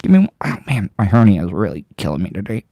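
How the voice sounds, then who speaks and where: A man's voice: fairly low pitch, big pitch swings, quick pace, mellow, no room sound, studio quality. Rambling man hosting a livestream. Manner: rambling, talks straight to viewers. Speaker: podcast host. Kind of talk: casual livestream talk. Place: home, birds outside.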